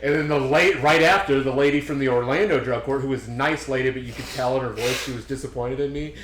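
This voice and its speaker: A man's voice: mid-range voice, quick pace, fairly bright tone. A young man hosting a podcast, telling rambling stories full of swearing and acted-out quotes. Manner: rambling storyteller, swears a lot, acts out quotes. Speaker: podcast host. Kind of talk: casual chat. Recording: roomy echo.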